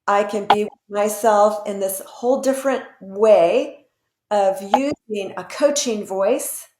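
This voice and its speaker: A woman's voice: mid-range voice, takes it slowly, dark tone, echoey room. A woman guest expert in an interview, explaining earnestly with examples.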